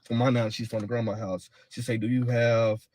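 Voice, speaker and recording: A man's voice: medium pitch, little pitch movement, a little fast, darkish tone. A man telling his own account in a blunt, heated way, swearing and repeating himself. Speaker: father of a missing woman's child. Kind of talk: casual first-person account.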